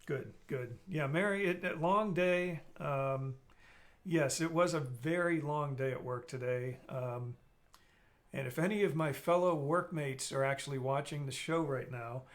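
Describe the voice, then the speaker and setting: A man's voice: fairly high pitch, a little slow. A man hosting a casual live stream, rambling and joking while he reads out viewer comments.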